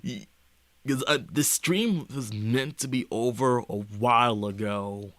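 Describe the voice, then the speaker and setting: A young man streaming, talking casually in a rambling, halting way full of fillers and restarts. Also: medium pitch, fairly bright tone, no room sound. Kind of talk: casual livestream chat.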